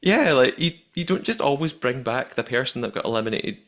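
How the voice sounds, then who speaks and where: Animated man hosting a podcast. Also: mid-range voice, fairly quick, over a noisy crowd. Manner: animated, laughs often, many restarts. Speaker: podcast host. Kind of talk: casual podcast chat.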